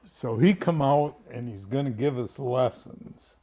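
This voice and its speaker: An older man, a family friend, slowly telling a story in casual conversation, chuckling and clearing his throat. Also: medium pitch, expressive, warm tone.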